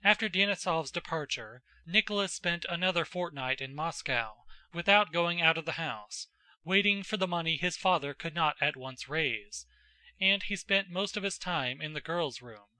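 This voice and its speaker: A man with a voice on the high side narrates a classic novel as an audiobook, telling the story in a measured, even manner. There's no echo.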